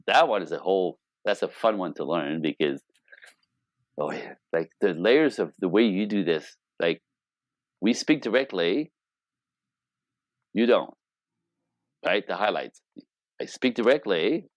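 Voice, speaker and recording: A man working as a relationship coach, talking in a casual interview as an animated, joking storyteller. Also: low voice, a little slow, dry recording. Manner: animated, joking storyteller who acts out quoted dialogue.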